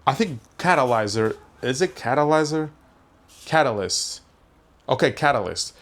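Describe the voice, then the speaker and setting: A man's voice: medium pitch, expressive, moderate pace, fairly bright tone. A young man, rambling through a casual podcast monologue, full of questions and frequent swearing. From Portugal. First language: Portuguese. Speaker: podcast host.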